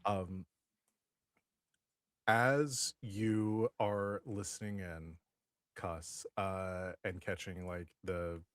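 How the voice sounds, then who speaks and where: A man's voice: low-pitched, fairly even intonation, extremely slow, long pauses, fairly bright tone, clear, resonant tone, no echo, clean studio sound. A man narrating a tabletop role-playing game as game master, rambling with many fillers and restarts.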